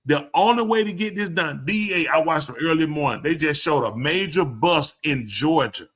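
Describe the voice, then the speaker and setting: Animated man with a drawl. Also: on the high side, moderate pace. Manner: animated, emphatic storyteller. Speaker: show host. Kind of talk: live show casual talk.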